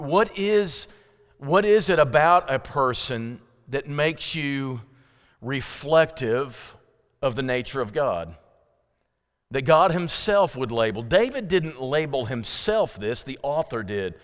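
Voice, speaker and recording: A man's voice: on the high side, animated, measured pace, fairly bright tone, clear, resonant tone. Man preaching in an echoing hall. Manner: earnest preaching, reading scripture aloud with emphasis. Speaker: pastor. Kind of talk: sermon.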